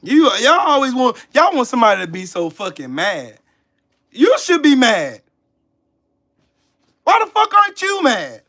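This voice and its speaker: Heated, profane man with a high voice. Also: huge pitch swings, measured pace, pauses often, bright, forceful tone. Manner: heated, profane, scolding the chat. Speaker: channel host. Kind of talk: livestream commentary rant.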